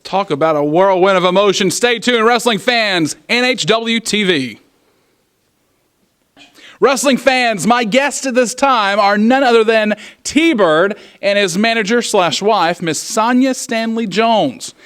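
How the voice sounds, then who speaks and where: A man's voice: high-pitched, lively intonation, unhurried, a bit bright, clear, resonant tone. A man hosting backstage wrestling interviews, announcer-style, repeatedly calling out to wrestling fans.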